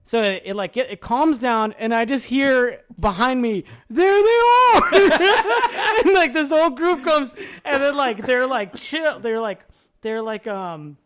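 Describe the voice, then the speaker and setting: A man's voice: very high voice, measured pace, clear, resonant tone. A young man telling a barracks story in casual, profane chat, laughing often and acting out what people said. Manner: animated, profane, laughs often, acts out quoted lines. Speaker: podcast guest.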